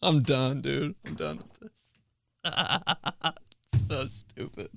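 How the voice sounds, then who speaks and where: A man's voice: on the high side, extremely slow, vocal fry, a bit bright, slight background noise. A young man telling casual comic stories about himself, rambling, full of fillers and laughing at his own jokes. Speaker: comedian. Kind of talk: casual comedic storytelling monologue.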